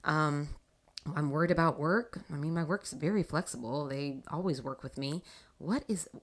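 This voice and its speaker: A woman hosting a casual faith talk show, telling a personal story in an animated way and laughing often. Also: sits low, moderate pace. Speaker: podcast host.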